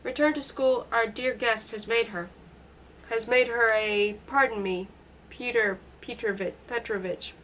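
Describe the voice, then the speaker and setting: A woman's voice: on the high side, fairly even intonation, unhurried, fairly bright tone, a little hiss or hum. Woman reading as a pompous, bossy prison director. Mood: jovial.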